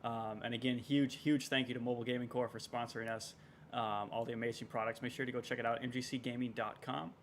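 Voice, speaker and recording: A man co-commentating a live esports stream in an easygoing way, giving shout-outs and sponsor reads. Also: medium pitch, flat delivery, fast talker, a little hiss or hum.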